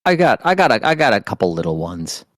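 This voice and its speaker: A man's voice: on the low side, sing-song, fast talker, no echo, clean studio sound. A man co-hosting a podcast, chatting casually and agreeably about a movie. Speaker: podcast co-host.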